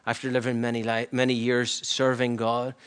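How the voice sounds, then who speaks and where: A man preaching a sermon in an earnest, reflective way, often dropping to a hushed near-whisper. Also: medium pitch, completely flat delivery, normal speed, clear, resonant tone.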